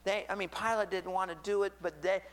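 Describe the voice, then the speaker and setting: A man with a notably high-pitched voice preaches a sermon, reading verses aloud and then stopping to explain them. He is emphatic, repeats his phrases, and keeps urging the listener to picture the moment. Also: steady tone, a little fast, low-quality recording. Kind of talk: sermon, reading scripture with commentary.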